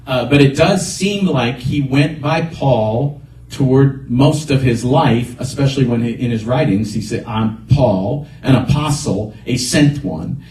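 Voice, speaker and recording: A man's voice: mid-range voice, measured pace, darkish tone. Earnest preacher man in an echoey room. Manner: earnest, emphatic preaching with repeated phrases. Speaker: pastor. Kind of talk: sermon. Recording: echoey room picked up from a distance.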